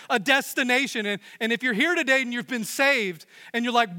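A young adult man preaching a sermon in earnest, pushing up for emphasis and dropping to hushed tones. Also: very high voice, a little fast, hardly any pauses. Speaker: pastor. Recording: long hall reverb.

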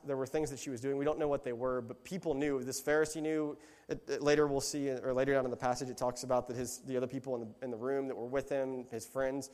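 A man gives a relaxed, conversational sermon in a church hall, retelling the story as he goes and correcting himself mid-sentence. His voice sits in a middling range. A long reverb from the big room trails after each phrase. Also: medium pitch. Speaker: lay preacher.

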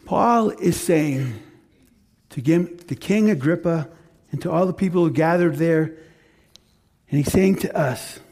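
A man's voice: a little high, unhurried, long pauses, a little mellow, slightly rough. A pastor preaching a sermon and explaining a passage to his congregation.

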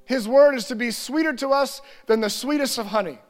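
A man preaching a sermon as pastor, earnest and repetitive, building lists of phrases and slipping into quiet prayerful reading. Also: very high voice, a little fast, big-room sound, faint music behind.

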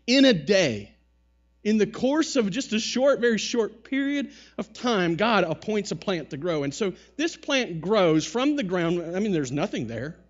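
A man preaching a conversational sermon, with wry asides and lively retellings of the text. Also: sits high, measured pace, dull audio. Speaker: pastor.

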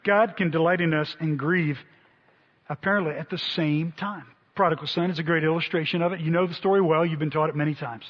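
A man preaching a sermon, telling a story with lively acted-out quotes. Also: a little high, brisk. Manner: animated storyteller, voices quotes loudly. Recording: dull sound in a long-reverb hall.

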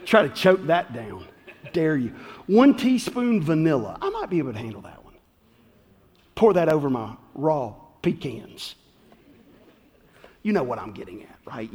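A man preaching a sermon as pastor, telling folksy stories that build to loud peaks. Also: on the high side, slightly rough. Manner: folksy, animated storytelling with rising shouts. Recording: long hall reverb.

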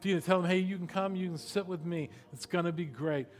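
A man pastor closing a sermon with a soft prayer, then giving upbeat, joking church announcements. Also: high voice, a little fast, soft background music.

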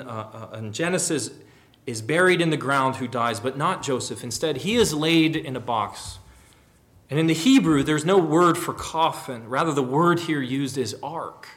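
A man preaching a sermon, rising to loud emphatic questions and then dropping to quiet, low musing. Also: expressive, normal speed. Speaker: pastor.

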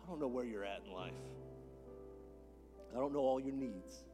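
A man preaching a sermon as a pastor in a church, moving between hushed whispers and loud, impassioned calls. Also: mid-range voice, expressive, moderate pace, over music. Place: church sanctuary.

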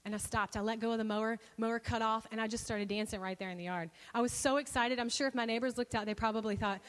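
High-voiced woman preaching in a reverberant hall. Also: fast, few pauses. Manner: animated, expressive storytelling with bursts of excitement. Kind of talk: sermon storytelling.

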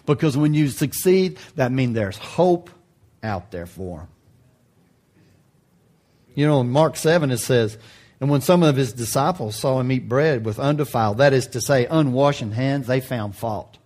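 Guy preaching, jokey and folksy, voice goes way up when he gets excited. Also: a little slow. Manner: folksy and animated, joking, voice jumping high for emphasis. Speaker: pastor. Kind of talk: sermon.

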